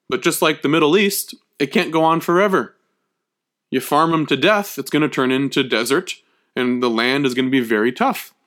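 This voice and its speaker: A man's voice: a little high, fairly bright tone. Man lecturing with emphatic asides. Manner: emphatic, checks in with frequent "okay?". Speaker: history lecturer.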